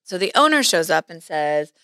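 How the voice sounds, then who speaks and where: A woman's voice: on the low side, normal speed, smooth, no echo. Woman agent telling a wild work story, does all the voices, dry mic. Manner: animated, acts out quoted voices. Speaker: real estate agent, podcast host. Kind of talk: casual storytelling chat.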